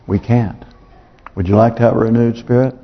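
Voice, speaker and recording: Preaching a sermon a little fast, a male pastor keeps a steady tone at medium pitch in a church sanctuary. He pleads earnestly and repeats phrases for emphasis, while the recording sounds dull under long hall reverb.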